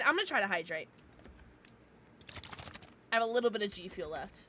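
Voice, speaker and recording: A young woman streamer chatting casually with her viewers from a home setup, loud, giggly and profane, her nose stuffed up from crying. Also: mid-range voice, big pitch swings, brisk, pauses often. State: congested from crying. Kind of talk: casual livestream chat.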